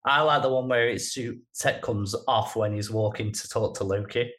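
A man's voice: mid-range voice, normal speed, fairly bright tone. A man co-hosting a casual podcast chat, chiming in with short, joking remarks. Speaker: podcast co-host.

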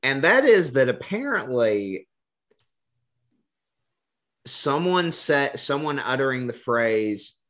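A man co-hosting a casual movie podcast, joking and animated. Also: medium pitch, takes it slowly, pauses often. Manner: jokey, animated, does silly voices. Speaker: podcast co-host.

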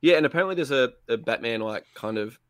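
A man's voice: mid-range voice, expressive, fast, a bit bright, no echo. Rambling guy, dry mic. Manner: rambling, filler-heavy, laid-back. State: eating while talking. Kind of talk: casual gaming chat.

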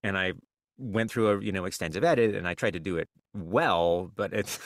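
A man chatting as a podcast guest author, relaxed and self-deprecating with a joking manner. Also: sits low, moderate pace, dry recording, studio quality. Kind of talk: casual interview chat.

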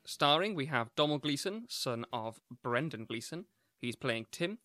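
A man co-hosting a podcast, giving steady, lightly wry plot recaps of films. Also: mid-range voice, a little slow, no room sound, soft background music. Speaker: podcast co-host.

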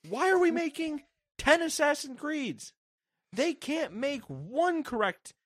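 This podcast co-host has an extremely high-pitched voice and speaks slowly on a dry recording. During a casual, comedic chat about games, he does a mock-executive bit, ranting and swearing for laughs in an animated, profane way.

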